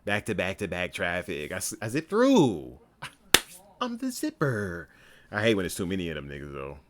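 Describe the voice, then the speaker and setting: A man's voice: low-pitched, sing-song, fairly quick, a loud crowd. A man giving casual, profane reaction commentary on a stream, talking animatedly and laughing often.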